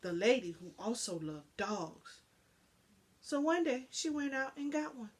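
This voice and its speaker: A woman reading a children's picture book aloud, telling it in an animated, expressive way. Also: a little high, a little slow, slightly rough. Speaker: storybook reader.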